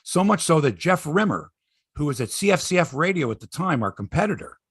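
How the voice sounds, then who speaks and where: A man in his sixties hosting a sports podcast, telling stories in a casual, animated way and acting out quotes. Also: on the high side, brisk, husky, dry recording, studio quality. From Canada. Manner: animated storyteller, acts out quotes, swears freely. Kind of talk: casual sports chat and storytelling.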